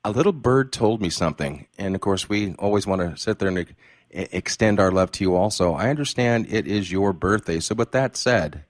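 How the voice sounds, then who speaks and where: A man's voice: on the low side, animated, brisk, no echo, studio quality. A man in his fifties hosting a radio interview show, effusive and emphatic as he talks with his guest. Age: 50s. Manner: effusive, warm praise and emphatic delivery.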